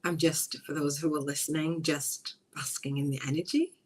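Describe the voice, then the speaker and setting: A woman hosting a live podcast, chatting casually and emotionally, rambling with restarts and breaking into high laughs. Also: fairly even intonation, moderate pace, rough recording. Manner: frequent high bursts of laughter. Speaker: podcast host. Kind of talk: casual live-stream chat.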